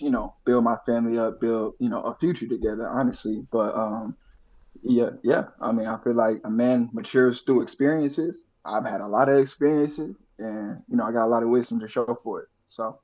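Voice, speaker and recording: A young man in his twenties, a dating show contestant who talks in a relaxed, hesitant way with many fillers. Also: mid-range voice, fairly quick, dull audio. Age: 20s. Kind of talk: casual chat.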